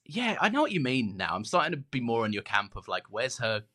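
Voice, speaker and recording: An animated male podcast co-host with a bright, forceful voice that swings up and down a lot. He talks quickly and easily slips into laughter. His tone stays in relaxed, casual chat. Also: mid-range voice.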